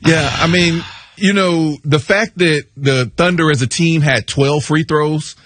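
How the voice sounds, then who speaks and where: A man on a sports radio show, explaining basketball numbers in a measured way. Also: on the high side, a bit bright.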